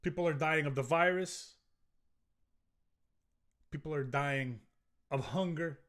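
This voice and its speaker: A man's voice: a little high, slow, fairly bright tone. A middle-aged man hosting a solo podcast, ranting in a profane, rambling way with frequent restarts. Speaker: podcast host.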